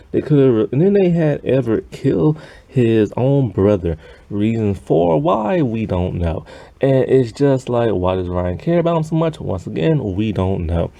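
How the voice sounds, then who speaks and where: A man's voice: mid-range voice, vocal fry, mellow, dry recording. A man ranting in an exasperated, rambling way about a TV episode, sighing often. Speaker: show reviewer. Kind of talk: ranting TV review.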